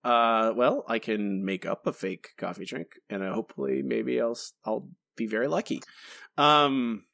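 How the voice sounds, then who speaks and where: A man's voice: medium pitch, normal speed, vocal fry, pushed and bright. A man co-hosting a podcast in casual chat, jokey and self-deprecating. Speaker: podcast co-host.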